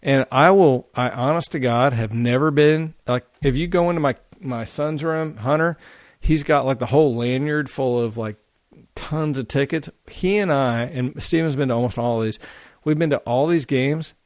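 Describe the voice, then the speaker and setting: A man guesting on a podcast, telling a long casual story in a rambling, animated way full of fillers and swearing. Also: medium pitch, normal speed, dry recording, clean studio sound.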